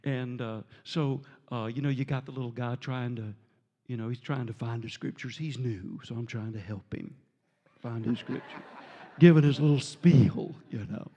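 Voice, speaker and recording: A man preaching a storytelling sermon as a visiting preacher, animated and jovial, breaking into laughter and shouts. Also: mid-range voice, moderate pace, highs cut off. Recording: reverberant church sanctuary.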